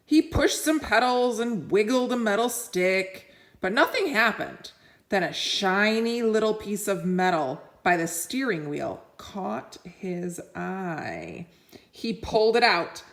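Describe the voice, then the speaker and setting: A woman reading a children's picture book aloud, expressive and doing little voices for the animals. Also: mid-range voice, takes it slowly. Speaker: reader.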